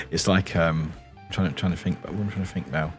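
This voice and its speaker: Soft-spoken male streamer with a very low, deep morning voice, rambling chat at a home desk mic, faint music behind. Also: steady tone, normal speed. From England. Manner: rambling, chatty, chuckles often.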